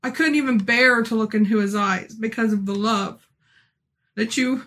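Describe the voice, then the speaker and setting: A woman in her forties tells a heartfelt religious testimony with a high, bright voice. She speaks earnestly and haltingly, circling back and restarting her sentences as she goes. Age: 40s. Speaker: speaker sharing a personal testimony.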